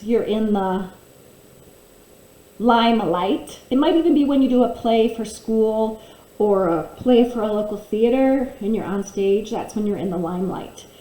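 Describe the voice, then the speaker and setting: A woman teaching a phonics lesson to children, slowly and clearly sounding out letters and words. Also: mid-range voice, dark tone. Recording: echoey room.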